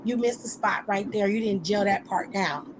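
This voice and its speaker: A woman's voice: medium pitch, normal speed, background noise, pitched below the performer's own voice, natural voice. A woman voicing a pushy, feisty young woman who talks in a brash, teasing, overfamiliar way. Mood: nosy.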